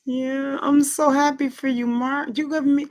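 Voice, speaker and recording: A woman's voice: sits high, level tone, unhurried, a little mellow. A woman hosting a casual livestream, gushing and effusive as she reads out the chat. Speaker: show host.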